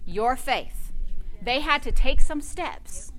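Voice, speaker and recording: A woman pastor preaches with fervent conviction, her voice high and bright. She drives her points home to the congregation and answers herself with praise. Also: animated, takes it slowly. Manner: fervent preaching with call-and-response interjections. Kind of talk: sermon.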